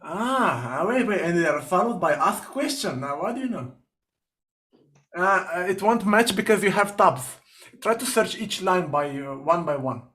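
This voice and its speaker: A man runs a live group coding session, his voice sitting a touch high for a man. He thinks aloud, questions names and fires off quick directions to whoever is typing. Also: expressive, fairly bright tone, slightly rough. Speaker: session facilitator.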